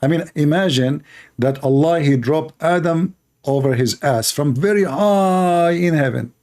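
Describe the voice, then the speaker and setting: Sarcastic Arabic-accented man, high voice. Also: measured pace, a little mellow. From Middle East. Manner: sarcastic, mocking, playful. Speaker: show host reacting to a clip. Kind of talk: mocking commentary.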